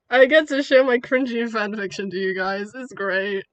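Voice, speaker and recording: A woman's voice: sits high, normal speed, bright, forceful tone, no echo, poor audio. A young woman streamer casually retelling her own fan fiction, giggly and self-mocking.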